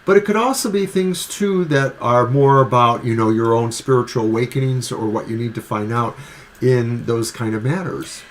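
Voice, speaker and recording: A man co-hosting a live tarot stream, reading cards and joking about his coffee in a relaxed, rambling way. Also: medium pitch, moderate pace. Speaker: tarot reader co-host.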